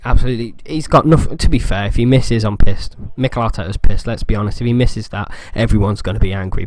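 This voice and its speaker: A man giving excitable fan commentary over a football video game, close to his mic. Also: lowish voice. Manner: excitable fan banter, bursts of shouting. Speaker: gaming YouTuber. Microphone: close desk mic.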